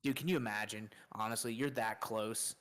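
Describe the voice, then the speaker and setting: A man co-hosting a casual stream, reacting with short, easygoing remarks and telling a quick story of his own. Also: on the low side, fairly even intonation, fairly bright tone. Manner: laid-back, short reactions, says dude. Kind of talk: casual talk.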